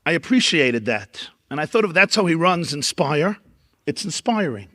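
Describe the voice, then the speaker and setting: A man's voice: a little high, expressive, moderate pace, sharp tone, dry recording, clean studio sound. A man, a rabbi, giving a storytelling keynote lecture at a dinner event, emphatic and building up lists.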